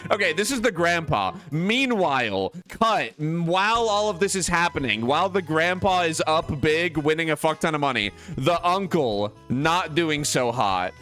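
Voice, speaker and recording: A young man streamer telling a long funny story in casual chat, animated and full of "like" fillers, acting out the people in it. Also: a little high, moderate pace, few pauses, soft background music. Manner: animated, many "like" fillers, acts out other voices.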